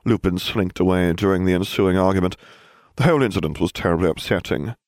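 A man reading a first-person story aloud with dry, deadpan comic delivery. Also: deep voice, quick pace, no room sound. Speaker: narrator.

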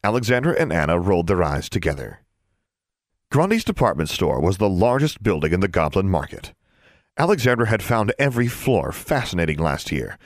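A man with a low voice reading a novel aloud, his pitch rising and falling lively across each sentence. The recording is close and completely dry. He tells the story steadily between character voices. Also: brisk, no echo. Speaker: audiobook narrator. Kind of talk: scripted narration.

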